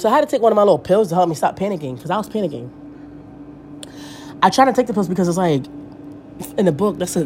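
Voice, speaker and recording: A woman's voice: a little high, slight background noise. A woman in her thirties, a podcast host, telling a story as a casual, rambling rant and swearing freely. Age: 30s. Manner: animated, profane, rambling storytelling.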